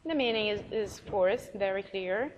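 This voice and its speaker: A woman teacher with an Arabic accent giving a recorded English vocabulary lesson, encouraging, spelling words out letter by letter and repeating them slowly. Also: medium pitch, a little hiss or hum, rough recording.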